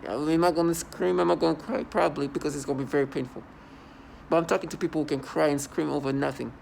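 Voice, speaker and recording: A man's voice: on the high side, fairly even intonation, fast talker, creaky, darkish tone, a little hiss or hum. A man in an angry personal monologue to camera at home, defiant and scornful, often repeating and restarting his words. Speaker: vlogger. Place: at home indoors.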